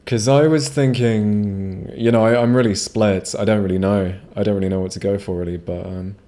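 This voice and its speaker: A man on a live game stream with a fairly low voice. He rambles casually and swears freely, chatting with his viewers between moves. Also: fairly even intonation, normal speed, mellow. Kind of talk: casual live gameplay commentary.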